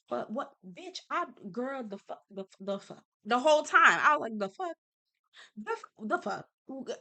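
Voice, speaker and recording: A woman hosting a casual reality TV recap, sassy, emphatic and quick to swear. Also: on the high side, sharp tone. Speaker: TV recap host.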